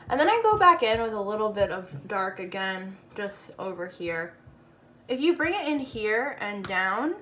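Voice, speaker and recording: A woman's voice: medium pitch, fairly bright tone, a little hiss or hum. Chatty woman giving a makeup tutorial. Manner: chatty and playful, slangy asides.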